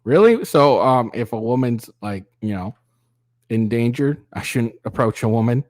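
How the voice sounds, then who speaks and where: A man's voice: medium pitch, moderate pace, darkish tone, no room sound. Male commentary host, mocking and profane, dry close sound. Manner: mocking, profane, mimics voices. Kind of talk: sarcastic reaction commentary.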